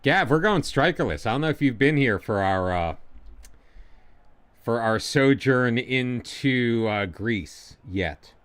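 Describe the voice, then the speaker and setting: An American man casually commentating while he streams a football management game and chats with viewers, rambling and excitable. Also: mid-range voice, slow, clean tone. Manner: chatty, rambling, excitable during goals.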